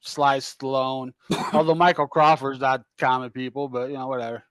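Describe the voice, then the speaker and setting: A man's voice: medium pitch, level tone, moderate pace, a bit bright, clean tone, dry recording. Easygoing older man sharing facts. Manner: easygoing, informative, agreeable. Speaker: podcast co-host. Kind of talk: casual chat.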